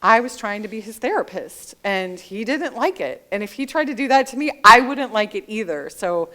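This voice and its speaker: A woman author in an onstage interview, telling animated stories and acting out the dialogue. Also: mid-range voice, normal speed. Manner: animated storyteller who acts out quoted dialogue. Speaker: author guest. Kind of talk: conversational interview at a library event. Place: library author event.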